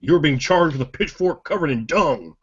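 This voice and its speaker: A man running a tabletop horror game as game master, setting scenes slowly and darkly. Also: a little high, lively intonation, breathy edge. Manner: slow, brooding scene-setting. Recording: dull lo-fi recording.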